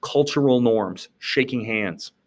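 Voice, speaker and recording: Speaking slowly in a mid-range voice, a man from the United States recaps a class lecture in this recording. He keeps things relaxed and chatty, often posing rhetorical questions and pausing to ask "okay?"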